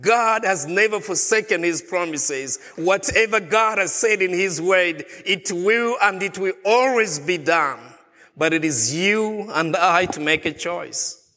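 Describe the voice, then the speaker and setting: A man's voice: high voice, a little slow, sharp tone, big-room sound. A man preaching a sermon as a pastor, asking the congregation question after question. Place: church.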